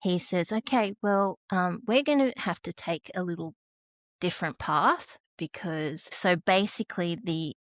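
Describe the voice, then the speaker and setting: A woman's voice: fairly low pitch, a little slow, no room sound, studio quality. Tearful Australian woman telling her story. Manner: tearful, restarts sentences often. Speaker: podcast guest. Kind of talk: emotional personal storytelling.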